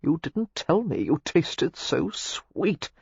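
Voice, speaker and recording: A woman's voice: lowish voice, sing-song, moderate pace, a little mellow, slightly rough, dry recording. A woman voicing an ardent young English lord who makes earnest, flowery declarations. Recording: slightly muffled lo-fi recording.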